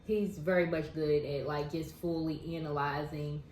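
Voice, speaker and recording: A woman's voice: low voice, fairly even intonation, moderate pace, darkish tone, echoey room, a little hiss or hum, rough recording. A woman co-hosting a casual chat, talking in a chatty way and laughing often. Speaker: co-host.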